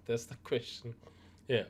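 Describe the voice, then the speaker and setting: Slow-talking man with a tiring voice. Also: mid-range voice, slight background noise. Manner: relaxed, rambling, many fillers and restarts. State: losing his voice, coughing. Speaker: gaming news host. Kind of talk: casual commentary to viewers.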